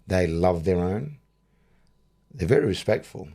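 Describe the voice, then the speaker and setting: A man's voice: low-pitched, animated, a little slow, dark tone. A middle-aged man with an Australian accent, a boxing coach chatting in an interview, rambling and restarting his sentences. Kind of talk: casual interview chat.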